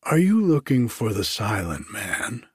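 Offhand prison guard, male, slow and husky, read by a man. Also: on the low side, sing-song, a little mellow, no room sound, clean studio sound, heavily acted.

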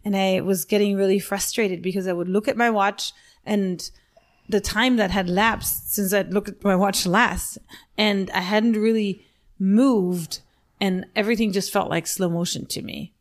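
A woman's voice: medium pitch, steady tone, unhurried. A woman in her forties co-hosting a podcast, telling a race story in casual chat and laughing at herself. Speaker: podcast co-host.

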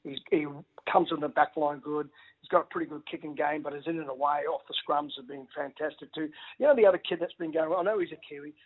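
A middle-aged former footballer talks on a phone line, his voice thin and tinny. He sits a little high and husky, and he keeps restarting his sentences with a warm, chatty eagerness. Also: fast. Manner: excitable, stammering restarts, says mate a lot. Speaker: former rugby league player, guest. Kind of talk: casual radio phone interview.

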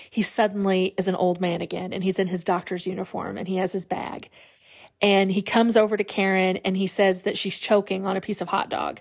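Podcast lady walking through a film plot, lively, does little voices for the lines, middle pitch. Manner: animated retelling, acts out quotes, laughs. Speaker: podcast host. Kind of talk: casual movie recap.

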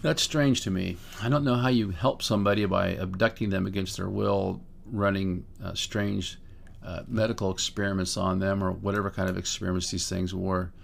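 Gravelly low-voiced man reading an account. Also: fairly even intonation, moderate pace, slight background noise. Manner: reads steadily from written sources, breaking off into plain spoken comments. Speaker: podcast host. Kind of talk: reading accounts aloud with own asides.

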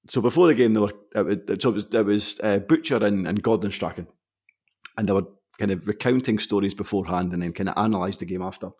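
A Scottish man co-hosts a casual podcast. He has a husky, fairly low voice and tells anecdotes with animated energy. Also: quick pace. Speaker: podcast co-host.

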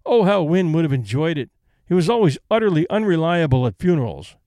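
A man reading as a brisk elderly lady. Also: on the high side, big pitch swings, mellow, no room sound. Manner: brisk, composed, decisive. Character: elderly invalid Englishwoman, brisk and practical.

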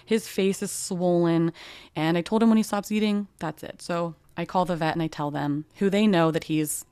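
A woman's voice: lowish voice, steady tone, normal speed, warm tone, clear, resonant tone, no room sound, studio quality. A young adult woman, a podcast host, telling a personal story in a candid, emotional way with casual fillers.

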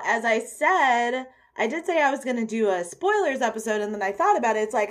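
Chatty woman hosting a solo podcast. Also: mid-range voice. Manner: chatty, candid, self-deprecating. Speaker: podcast host. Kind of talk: casual solo podcast chat.

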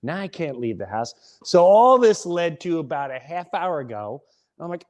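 A middle-aged man hosts a podcast and tells a comic story in a relaxed, animated way, acting out other people's lines as he goes. His voice sits fairly high for a man and leaps up and down with lively expression. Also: moderate pace. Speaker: podcast host.

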